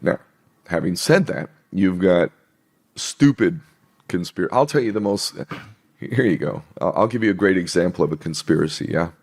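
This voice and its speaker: A man's voice: low-pitched, expressive, moderate pace, creaky, darkish tone, breathy edge. A man talking in casual conversation, emphatic and sarcastic, laughing between points. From British Isles. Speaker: podcast guest.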